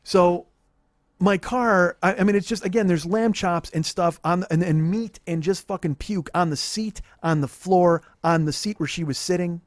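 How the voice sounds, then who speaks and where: A man in his forties telling a profane, animated comic story on a podcast. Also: sits high, normal speed, no echo, studio quality. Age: 40s.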